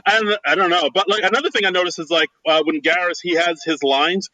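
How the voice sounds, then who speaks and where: A man's voice: high voice, fairly quick, sharp tone, no room sound, rough recording. A man co-hosting a podcast in casual chat, hesitant and loose, full of "like" and laughs. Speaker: podcast co-host.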